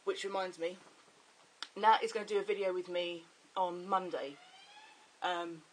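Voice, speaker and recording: Young guy vlogging, husky voice, rambles on all excited, chatty diary feel. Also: sits high, a little slow, poor audio. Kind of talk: casual video diary.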